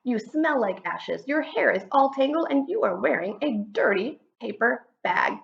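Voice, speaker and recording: A woman's voice: a little high, animated, moderate pace, creaky, dull audio, slight background noise, voice pushed up. A woman voicing a vain, snooty young prince who scolds in a prim manner during a storybook read-aloud.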